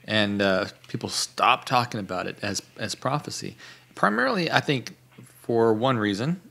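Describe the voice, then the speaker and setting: A man co-hosting a podcast in casual chat, halting and restarting as he thinks aloud. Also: on the low side, animated, vocal fry, sharp tone. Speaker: podcast co-host.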